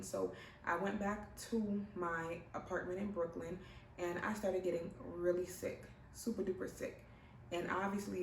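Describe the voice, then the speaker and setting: A young pregnant woman shares her own story casually, speaking a little low. Her voice carries a roomy echo from a mic set some way back, with faint ambience behind. She is animated and now and then acts out other people's lines. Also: distant mic, a little hiss or hum. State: heavily pregnant. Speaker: vlogger.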